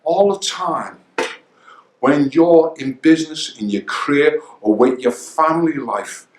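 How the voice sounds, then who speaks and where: An older man, the founder of a coaching academy, giving an energetic motivational coaching talk that hammers home its key phrases. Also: on the high side, a little slow, a little hiss or hum. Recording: roomy echo.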